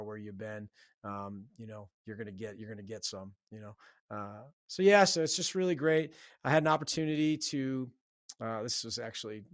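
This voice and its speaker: A man's voice: fairly low pitch, a little mellow, no echo, studio quality. A man hosting a solo podcast, giving a blunt, profane, fired-up pep talk. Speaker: podcast host. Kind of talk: solo motivational podcast monologue.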